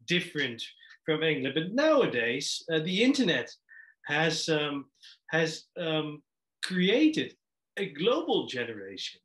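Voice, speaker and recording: A man interviewing a guest, asking questions hesitantly with many pauses and restarts. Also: a little high, a bit bright, reverberant, poor audio.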